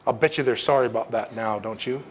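A man preaching a sermon in an impassioned way, often rising to loud, emphatic peaks. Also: mid-range voice, fast talker, a little hiss or hum.

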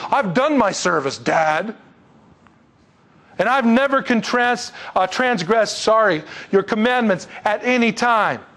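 A preacher acting out an indignant grown son, his voice pushed well above his normal pitch and stretched slow as he complains. The tone is whiny and aggrieved, a man airing an old grudge. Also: fairly bright tone, full character voice.

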